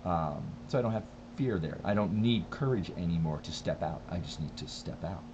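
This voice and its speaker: A man's voice: sits low, lively intonation, moderate pace, dull audio, background noise. A man talking thoughtfully in a casual vlog monologue, rambling with frequent restarts. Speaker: vlogger.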